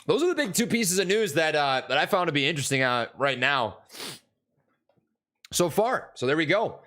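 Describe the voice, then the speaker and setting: Casting: young male streamer from Minnesota, slightly higher-pitched voice, rambling and casual, answers chat. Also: very animated, moderate pace, pushed and bright. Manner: rambling, lots of fillers and restarts, answers chat. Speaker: stock market streamer.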